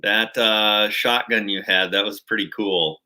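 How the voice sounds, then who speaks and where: A man's voice: fairly low pitch, steady tone, a little slow, bright, forceful tone. A man from Minnesota with a Minnesotan accent, hosting a casual livestream chat and rambling along with many fillers and restarts. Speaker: channel host.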